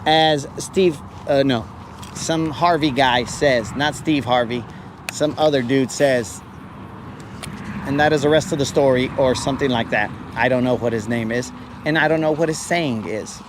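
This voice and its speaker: A man's voice: mid-range voice, unhurried, background noise. A man telling a funny story in a casual, self-mocking way, acting out the voices of the people in it. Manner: joking, self-mocking, acts out quoted voices. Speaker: podcast host. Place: outdoors, fishing from a kayak.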